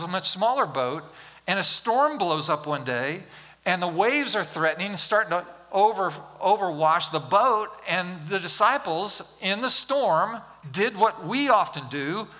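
A male pastor preaching a sermon, animated and humorous, acting out Bible scenes and talking directly to the congregation. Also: sits high. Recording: long hall reverb.

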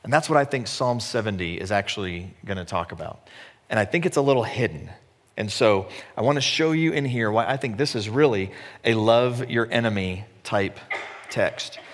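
A man's voice: on the low side, moderate pace. A man preaching a sermon as a pastor, in a conversational way with self-deprecating humor. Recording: echoey hall.

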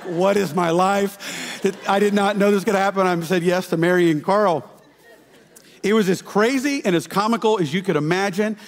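A man preaching a sermon to his congregation, telling a humorous story in a folksy, chatty way and calling the listeners y'all. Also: high voice. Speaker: pastor. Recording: long hall reverb.

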